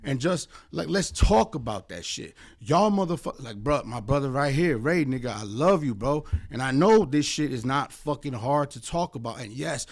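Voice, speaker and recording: An American man, a guest attorney on a podcast, talking in an impassioned, rambling, heavily profane way, with many fillers. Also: a little high. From United States. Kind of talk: impassioned casual podcast chat.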